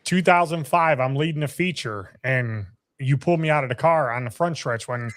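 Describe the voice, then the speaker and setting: A man's voice: medium pitch, moderate pace, fairly bright tone, no room sound. A man, a race announcer, talking bluntly in casual chat, swearing and repeating words.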